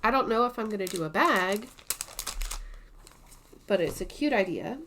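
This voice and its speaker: A woman vlogger in casual show-and-tell chat about her stitching projects, unhurried and chatty, with some soft asides. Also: medium pitch, expressive, slight background noise.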